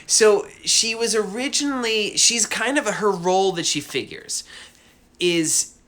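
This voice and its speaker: Chatty, fairly high-voiced man. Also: measured pace, fairly bright tone. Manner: rambling, enthusiastic, lots of asides. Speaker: cartoonist hosting a live drawing stream. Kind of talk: casual livestream chat. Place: at home.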